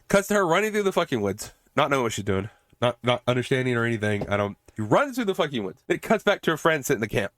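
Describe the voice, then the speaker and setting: A man's voice: mid-range voice, very animated, fast talker, few pauses, a bit bright, no room sound, clean studio sound. A man hosting a podcast, recapping a movie in a rambling, casual way, swearing often and laughing at it. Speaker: podcast host.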